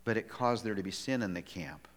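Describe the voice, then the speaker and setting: A man preaching a sermon as pastor, telling a story in a lively way with many restarts. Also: on the low side, a little fast. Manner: animated storytelling with frequent restarts. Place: church sanctuary. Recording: long hall reverb.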